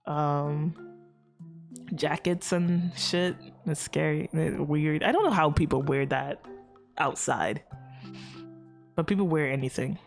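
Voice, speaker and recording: A woman's voice: low-pitched, slow pace, gravelly, pauses often, soft background music. A woman streamer chatting casually on a livestream, rambling and joking crudely into her microphone.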